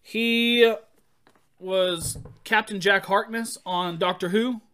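Man, high bright voice, playful storyteller, casual podcast chat. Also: fairly even intonation, slight background noise. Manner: playful storyteller, quick jokes. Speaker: podcast co-host.

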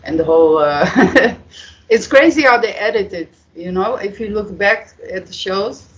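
A guest talks loosely through an interview, halting often and swearing freely. The voice sits at a middling pitch. The recording is dull and lo-fi. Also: animated. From Netherlands. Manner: rambling, halting, many fillers, swears freely. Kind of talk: casual storytelling.

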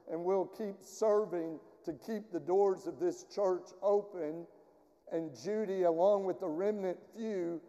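A man preaching a sermon as pastor, slow and earnest with emotional pauses, in a church sanctuary. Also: a little high, warm tone. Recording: long church reverb.

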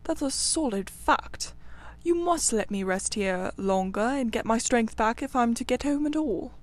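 A woman voicing a small, timid male mole who is frightened and weary, speaking high and shakily in a storybook reading. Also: animated, measured pace.

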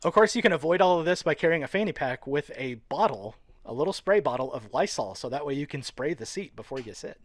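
A man's voice: on the high side, animated, fast talker, no room sound. A man from the Louisiana area of the US South, co-hosting a podcast, joking and rambling with frequent laughs. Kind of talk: casual podcast chat.

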